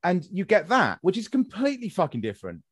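Lively ranting young Englishman, podcast host. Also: high voice, quick pace, breathy edge, no room sound, clean studio sound. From England. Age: young adult. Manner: ranting, swears freely, animated. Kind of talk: casual podcast chat.

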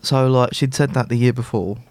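A man's voice: mid-range voice, fairly quick, dry recording. Man telling stories, dry sound. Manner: animated storyteller who acts out quoted dialogue. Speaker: podcast co-host. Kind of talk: casual chat.

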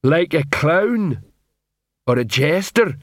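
A man reading an audiobook, voicing a slow, earnest male troll constable who speaks haltingly. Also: on the high side, animated, no room sound, studio quality.

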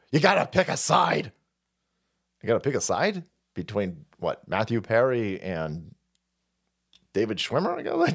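A man in his forties hosting a livestream, delivering a profane, mocking comedic rant and laughing often. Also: mid-range voice. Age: 40s. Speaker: livestream host.

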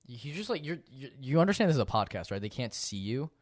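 Young man, podcast banter, rapid, pushy, crude. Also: medium pitch, sing-song. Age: young adult. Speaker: podcast co-host. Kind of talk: casual chat.

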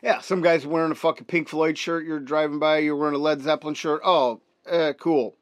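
A man co-hosting a podcast, high and trading sarcastic, profane remarks in casual banter. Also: fairly even intonation. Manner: sarcastic, profane, quick retorts. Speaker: podcast co-host.

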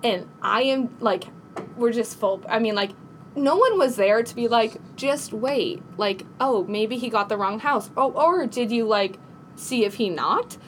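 Woman on a podcast telling a crazy story, lots of laughing, voice jumps all over, bit high, faint rumble behind. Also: unhurried. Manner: animated, laughing, acts out quotes in a high panicked voice. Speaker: podcast co-host. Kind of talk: casual storytelling chat.

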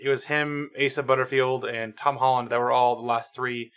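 A man co-hosting a podcast, chatting casually about movies and often pausing to find his words. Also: mid-range voice, little pitch movement, fairly bright tone, clear, resonant tone. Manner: hesitant, lots of fillers and restarts while searching for words. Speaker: podcast co-host. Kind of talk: casual movie review chat.

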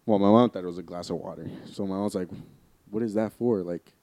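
A young man spins a spooky tale in loose, rambling chat, voice sitting low and mellow. The sound is dry and close, with no room around it. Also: steady tone, fast talker, creaky, dry recording. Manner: rambling, heavy filler "like", swearing. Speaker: podcast co-host. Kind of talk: casual chat, storytelling.

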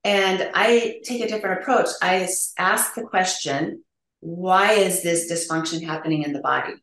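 A woman's voice: fairly low pitch, moderate pace, a bit bright. A middle-aged woman, a nurse practitioner guest, explaining earnestly with frequent ums. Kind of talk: conversational interview. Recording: echoey room.

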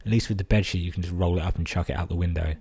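Deep-voiced, sweary podcaster. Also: male voice, steady tone, racing, vocal fry, mellow, husky. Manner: crude, sweary, amused interjections. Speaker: podcast host. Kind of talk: reading listener emails with commentary.

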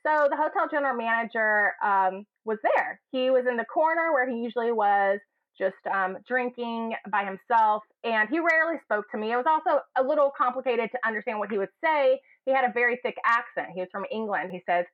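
A woman's voice: fairly high pitch, fairly quick, narrow, tinny audio. A woman from Kentucky telling a story casually, acting out the people in it with shifting voices. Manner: animated, acts out quotes in shifting voices. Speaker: guest, hotel general manager.

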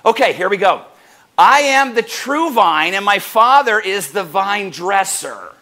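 Lively, high-voiced preaching man. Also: measured pace. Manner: animated, swings up and down in pitch and loudness; jokey, acts out doorstep conversations in little voices. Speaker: pastor. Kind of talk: sermon. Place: church service.

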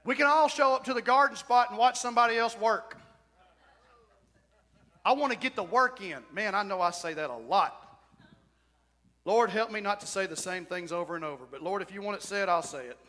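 A man preaching a sermon as pastor, with shouted whoops and emphatic repetition. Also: high voice, a little fast, long pauses. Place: church sanctuary. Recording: church hall reverb.

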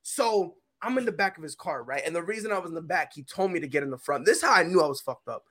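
Animated young man telling a story. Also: fast. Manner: animated, swings from low mumbles to loud shouts. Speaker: podcast host. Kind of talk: casual storytelling chat.

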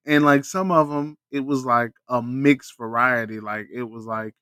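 A man's voice: mid-range voice, fairly even intonation, normal speed, bright, forceful tone, clean tone, no echo. Laid-back man rambling in chat. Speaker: podcast co-host. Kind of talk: casual chat.

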